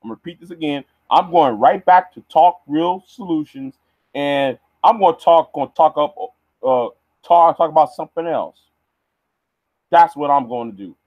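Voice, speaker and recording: High-voiced, stammering ranting man. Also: normal speed, no room sound, highs cut off. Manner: heated, stammering, repeats words. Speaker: vlogger. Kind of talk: ranting livestream monologue.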